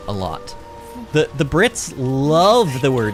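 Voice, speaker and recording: Man, streamer, casual gaming commentary, chatty, lively voice. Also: a little high, unhurried, over music. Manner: chatty, laughs often, reads chat aloud.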